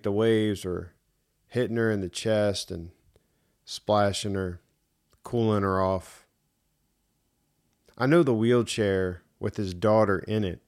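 Man, middle-aged, podcast host, earnest, emphatic, slow-paced, lowish voice. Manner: earnest, emphatic, repeats key points. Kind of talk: reflective solo podcast monologue.

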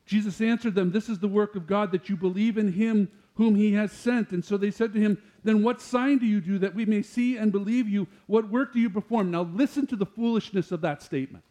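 High-voiced preaching man. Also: fairly quick, few pauses. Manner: animated preaching, rising louder when quoting scripture. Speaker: pastor. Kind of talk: sermon.

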